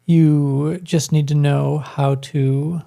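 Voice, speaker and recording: A man's voice: on the high side, level tone, takes it slowly, vocal fry, warm tone. A man co-hosting a parenting talk show, chatting casually and easily agreeing with his co-host. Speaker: podcast co-host. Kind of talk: casual chat.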